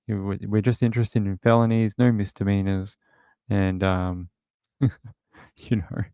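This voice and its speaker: A man's voice: lowish voice, flat delivery, measured pace, dark tone, clear, resonant tone, dry recording, clean studio sound. A man hosting a livestream, casually chatting and rambling with many filler words as he reads out viewer comments. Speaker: livestream host.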